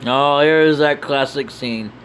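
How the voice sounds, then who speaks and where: A man's voice: a little high, slow pace, a bit bright, a little hiss or hum, low-quality recording. A man doing casual let's-play commentary, reading every character's game dialogue aloud with joking, off-hand asides.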